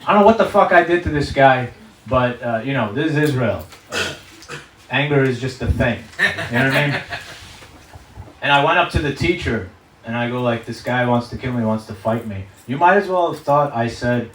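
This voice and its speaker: This stand-up comedian has a medium-pitched, fairly bright voice with lively intonation and speaks at a normal speed. He swears constantly while telling stories and imitating the people in them. Recorded from a distance in a roomy venue, the clip carries a little hiss or hum plus the live audience's laughter and applause.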